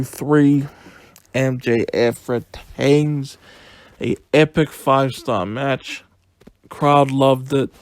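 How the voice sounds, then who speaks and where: A man giving a casual, excitable solo review, retelling events in a rambling, chatty way. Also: mid-range voice, no room sound.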